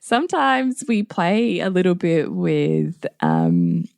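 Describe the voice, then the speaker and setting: A woman's voice: on the low side, takes it slowly, creaky, dry recording. Laughing woman telling family stories. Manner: acts out family members' lines in lively voices. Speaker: podcast co-host. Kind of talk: casual podcast chat.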